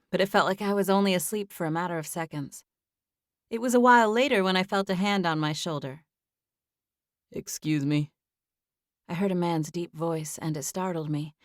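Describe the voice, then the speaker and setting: A woman narrating a first-person novel in a steady, measured audiobook read, close to a studio microphone. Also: lowish voice, no echo. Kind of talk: scripted narration.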